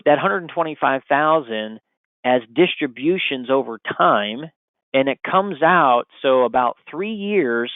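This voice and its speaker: A man pitches a financial product to advisors in an upbeat, salesy way, tossing out rhetorical questions as he goes. His voice comes through thin and tinny, like a phone call. The sound is dry, with no room echo. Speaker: insurance product presenter.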